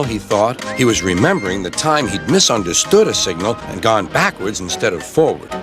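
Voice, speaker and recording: A man's voice: fairly low pitch, very animated, normal speed, few pauses. A man narrating a children's storybook expressively, voicing the characters, with music behind. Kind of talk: storybook reading. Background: background music.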